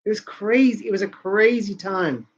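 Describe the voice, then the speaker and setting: A man's voice: high voice, normal speed. A man hosting a casual talk show, ranting and rambling with lots of swearing. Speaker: podcast host. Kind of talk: casual rant. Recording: dull lo-fi sound.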